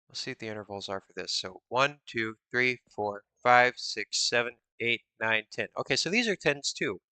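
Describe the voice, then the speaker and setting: A man streams himself building in a game, muttering block counts and reading chat aloud. His voice is very bright and sits dry and close on the mic. He teases viewers with playful mock suspicion. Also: medium pitch, animated, moderate pace, smooth, dry recording. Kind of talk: casual live-stream chat while playing.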